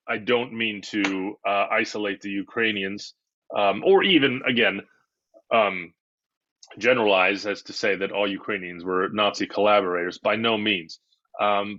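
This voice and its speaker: A man lecturing as a history professor, measured, with frequent ums and uhs and repeated words. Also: lowish voice, fairly bright tone, dry recording, muffled recording. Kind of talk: lecture to a live audience.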